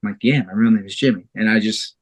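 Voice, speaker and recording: A man's voice: on the low side, fast, breathy edge. A man in his thirties, a fighter and guest on a podcast, telling stories in casual chat and swearing freely. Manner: animated storyteller, swears freely.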